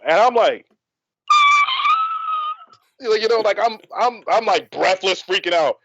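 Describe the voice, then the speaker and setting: A man with a high, wildly lively voice tells an excited story as an interview guest, acting out his own reactions. His voice jumps to shouts, then drops low and quiet. The sound is dry and dull, like a lo-fi stream. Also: fairly quick, no room sound. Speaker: guest actor. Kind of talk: animated storytelling in a live interview.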